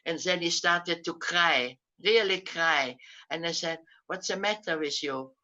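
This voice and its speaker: A woman in her nineties, a Holocaust survivor, tells her story on a video call, pausing often with um and restarting her sentences. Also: on the low side, bright, forceful tone. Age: 90s. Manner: unhurried storytelling with frequent um and restarts. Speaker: Holocaust survivor giving testimony. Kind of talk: spoken testimony over video call. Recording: muffled video-call audio.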